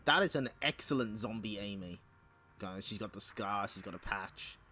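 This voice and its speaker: A man's voice: lowish voice, normal speed, sharp tone, a little hiss or hum. A man hosting a live-stream comic read-along, chatting casually with frequent laughter and playful asides. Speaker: streamer reading comics aloud.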